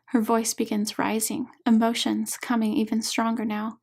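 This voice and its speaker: A woman author narrating her own audiobook in a soft, measured way. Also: a little high, monotone, vocal fry.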